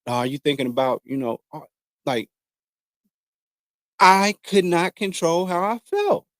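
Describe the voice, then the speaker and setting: A man's voice: fairly high pitch, expressive, fairly bright tone, dry recording. Earnest man talking frankly, dry sound. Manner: earnest, frank, halting with many restarts; slangy, conversational, addresses viewers directly. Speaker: vlogger. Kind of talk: candid personal talk to camera.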